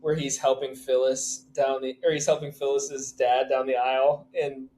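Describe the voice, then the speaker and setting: A man co-hosting a podcast who tells excited, rambling anecdotes in a casual chat. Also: mid-range voice, moderate pace. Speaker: podcast co-host.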